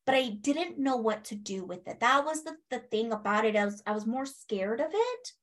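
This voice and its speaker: A woman telling a personal story in a casual interview, animated, acting out what people said and laughing as she goes. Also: on the high side, moderate pace. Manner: animated, acts out quoted speech, laughs, swears. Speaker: guest.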